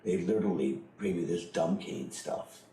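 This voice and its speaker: A man's voice: deep voice, normal speed, dark tone, echoey room, a little hiss or hum, low-quality recording. A middle-aged man telling a personal story in a blunt, profane way, laughing often as he goes. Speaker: interviewee.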